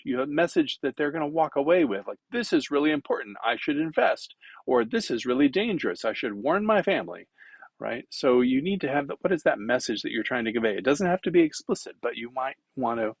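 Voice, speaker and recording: A man of middle pitch gives a relaxed, conversational lesson on public speaking, demonstrating his points and filling pauses with "uh". The sound is close and dry, with no room echo. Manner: conversational, demonstrative, many fillers. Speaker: instructor.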